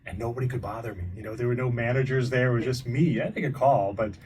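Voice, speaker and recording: A man in his fifties talks easily as an interview guest, chatty and quick to laugh. His voice sits at an ordinary middle pitch. He is picked up by a mic set some way off, with faint noise underneath. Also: a little mellow, distant mic, poor audio. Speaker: guest, longtime TV meteorologist. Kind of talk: casual interview.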